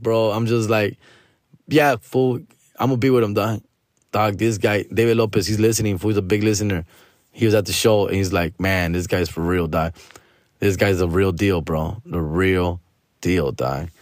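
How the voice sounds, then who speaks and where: A man's voice: medium pitch, dry recording, studio quality. A man hosting a podcast, telling a story as a casual rant, profane and slangy, mixing in Spanish. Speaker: podcast host.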